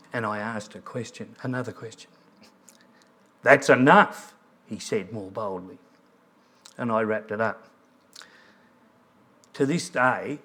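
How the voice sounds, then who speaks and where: A man gives a church sermon in a mid-pitched voice. He speaks earnestly and steadily, reading quoted passages aloud to the congregation. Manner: earnest, reads quotes aloud, briefly moved. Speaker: pastor.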